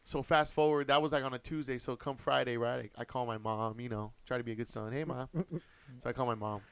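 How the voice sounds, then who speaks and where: A man's voice: medium pitch, flat delivery, quick pace, clean tone, no echo. A young man co-hosting a podcast, telling a long story in a casual, rambling, profane way. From Monterey Park, Los Angeles. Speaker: podcast co-host.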